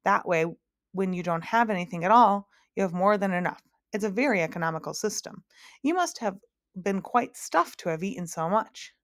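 A woman's voice: mid-range voice, animated, normal speed, dry recording, studio quality, lightly acted. A woman reading aloud and voicing a grand, fussy male math magician in a children's storybook. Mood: lecturing.

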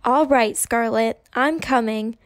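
A woman's voice: a little high, takes it slowly, dry recording, clean studio sound. A woman voicing a poised, imaginative young girl who speaks in a sophisticated, theatrical way. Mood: bright.

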